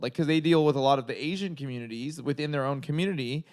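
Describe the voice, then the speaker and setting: A man's voice: mid-range voice, quick pace, a little mellow. A man from Southern California, a comedian guest, telling a long story in casual chat, rambling and swearing with lots of filler words. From San Gabriel Valley, California.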